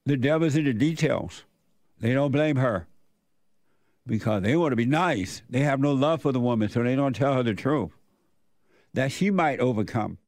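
A man's voice: medium pitch, expressive, moderate pace, pauses often, darkish tone, no echo, clean studio sound. An older man hosting a radio talk show, preaching his opinions in an emphatic, repetitive way.

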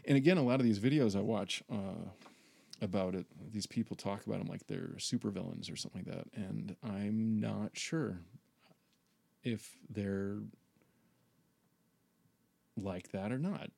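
A man's voice: fairly low pitch, measured pace, vocal fry, long pauses, warm tone, slightly rough. A man hosting a podcast, telling a personal story in a rambling, profane monologue full of fillers. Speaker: podcast host.

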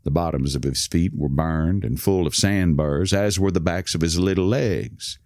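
A man narrating a story in a calm, measured reading. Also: low-pitched, no room sound, studio quality. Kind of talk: scripted narration.

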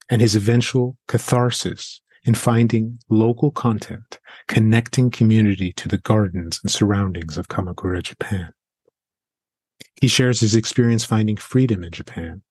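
Husky-voiced male interview host. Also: lowish voice, darkish tone, no room sound. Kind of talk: read introduction and casual interview questions.

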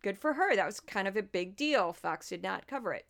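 A woman's voice: mid-range voice, expressive, a little fast, creaky. A woman hosting a podcast, chatty and sarcastic in casual commentary, laughing often. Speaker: podcast host.

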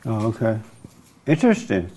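A man's voice: on the low side, very animated, moderate pace, warm tone, slightly rough. A man interviewing people, pressing them with repeated probing questions.

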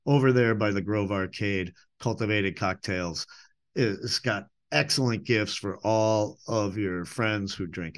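A man hosting a podcast, talking in a casual, rambling way, often correcting himself and filling pauses. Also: medium pitch. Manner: rambling, chatty, self-correcting with many fillers. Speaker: podcast host.

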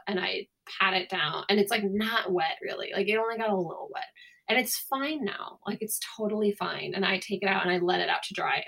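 With a gravelly, medium-pitched voice, a young woman co-hosts a podcast and tells an animated story in easygoing chat, voicing the quoted parts.

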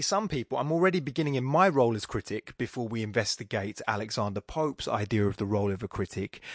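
A man with a mid-range voice hosts a podcast on poetry and talks it through in a chatty, eager way. The recording is dry and close, with no room sound. When he reads verse aloud, he slows down and weighs each line. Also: medium pitch, no echo. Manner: chatty, enthusiastic, with fillers. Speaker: podcast host. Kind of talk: casual explanation, then slow poetry reading.

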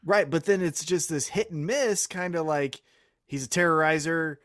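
A man co-hosting a casual wrestling podcast, talking fast and with strong opinions. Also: fairly high pitch, fairly bright tone. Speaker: podcast co-host.

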